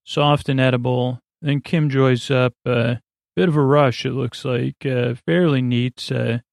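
Slow, gravelly man recapping drowsily. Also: medium pitch, steady tone, no room sound, clean studio sound. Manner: meandering, frequent self-corrections and filler words. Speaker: podcast host. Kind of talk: rambling sleep-podcast episode recap.

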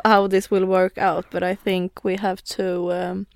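A woman's voice: mid-range voice, flat delivery, unhurried, clear, resonant tone, dry recording, studio quality. A young Swedish woman co-hosting a podcast, speaking hesitant, giggly English with a Swedish accent. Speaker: podcast co-host. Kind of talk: casual chat.

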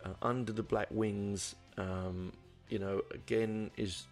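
A man with a low, gravelly voice gives a casual album review. He rambles and hesitates, with frequent ums and restarts. Faint guitar music plays quietly in the background. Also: steady tone, slow.

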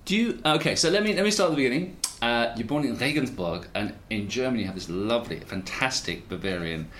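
A man's voice: mid-range voice, animated, fast, fairly bright tone. Chatty man host, roomy sound. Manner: chatty, enthusiastic, digressive. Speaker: interviewer, podcast host. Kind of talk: conversational interview. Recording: roomy echo with faint noise.

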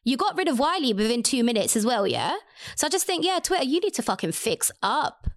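A woman's voice: high-pitched, sing-song, a little fast, no echo, studio quality. A young woman co-hosting a podcast in casual, candid chat, swearing freely. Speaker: podcast co-host.

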